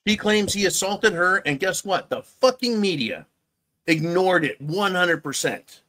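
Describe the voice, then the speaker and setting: A man's voice: high-pitched, lively intonation, measured pace, sharp tone. A man hosting his own channel, ranting angrily through political commentary, swearing heavily and repeating himself, with sarcastic asides. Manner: angry, heavily profane, repetitive. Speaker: channel host.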